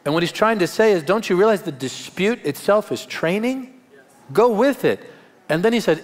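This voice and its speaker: A man's voice: high voice, lively intonation, moderate pace. Man preaching in a reverberant hall. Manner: conversational, emphatic preaching with wry humor. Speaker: pastor. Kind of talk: live Sunday sermon. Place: large church auditorium. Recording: long hall reverb in live church.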